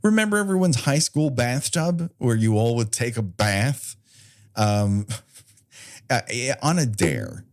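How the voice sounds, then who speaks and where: A man's voice: mid-range voice, expressive, slow pace. A man co-hosting a comedy film podcast, talking casually with sarcastic asides and a lot of swearing. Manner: sarcastic, swears freely, riffs in silly put-on quotes. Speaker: podcast co-host.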